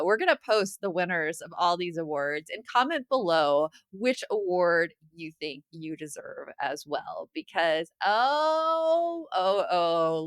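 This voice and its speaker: A woman co-hosting a parenting podcast, chatting casually and telling animated stories. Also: lowish voice, clear, resonant tone, no room sound. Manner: chatty storyteller, animated quoting. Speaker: podcast co-host. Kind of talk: casual chat.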